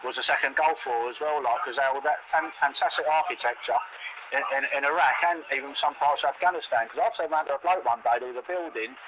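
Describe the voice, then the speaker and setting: A man's voice: medium pitch, fast, dull audio. A man chatting casually, rambling and repeating words as he tells stories, with lots of quoted dialogue. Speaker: co-host. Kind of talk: casual chat. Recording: noisy home recording.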